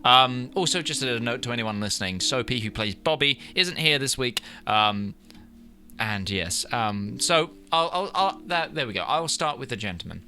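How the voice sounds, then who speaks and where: A man's voice: medium pitch, expressive, moderate pace, pushed and bright, a little hiss or hum. A British man running a tabletop game as game master over voice chat, rambling with many fillers and restarts.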